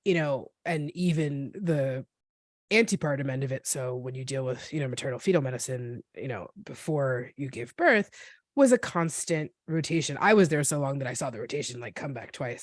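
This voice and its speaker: Appearing as a podcast guest, this NICU parent in her forties shares her own story in an earnest, reflective way, pausing and starting over frequently. Her voice is low with lively intonation, captured close and dry with no echo.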